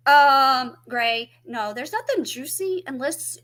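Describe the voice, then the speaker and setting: A woman's voice: on the high side, animated, slow pace, pauses often, fairly bright tone. A woman, chatting casually to camera as a true crime YouTube host and telling stories. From Southern United States. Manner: chatty storyteller, acts out quoted voices.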